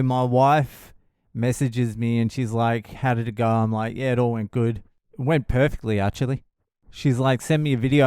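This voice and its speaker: Man, comedian podcast host, profane comic storytelling, blunt, laughs at own jokes, smooth resonant voice, dry close recording. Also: mid-range voice, darkish tone, no echo. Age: adult father of a young child.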